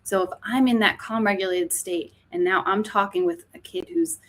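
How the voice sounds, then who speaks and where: A woman's voice: medium pitch, big pitch swings, moderate pace, fairly bright tone. A woman, an author and teacher, explaining mindfulness in a podcast interview, often checking in with "right?". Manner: explanatory, frequent "right?" tags.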